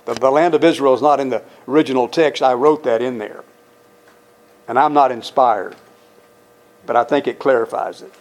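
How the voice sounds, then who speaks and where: A man's voice: mid-range voice, moderate pace, long pauses. A man teaching the Bible verse by verse in an emphatic, conversational way, often putting questions to his listeners.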